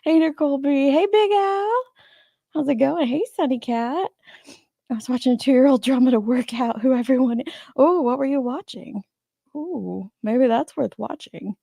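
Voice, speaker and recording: A woman's voice: high voice, normal speed, creaky, mellow, no room sound, studio quality. A woman hosting a livestream, chatting casually with her viewers, greeting them by name, and sounding a little sleepy. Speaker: livestream host. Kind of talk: casual chat with live chat viewers.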